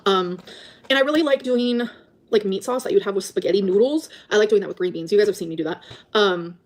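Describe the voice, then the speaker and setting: A woman's voice: mid-range voice, fast talker. Rambling woman vlogger chatting to viewers. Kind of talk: casual chat to viewers.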